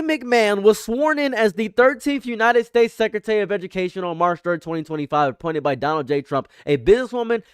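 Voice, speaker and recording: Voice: mid-range voice, dry recording. Streamer going off on a rant, repeats stuff, swoops up and down, dry room. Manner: ranting, emphatic, repeats phrases. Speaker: livestream commentator. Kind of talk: live reaction commentary.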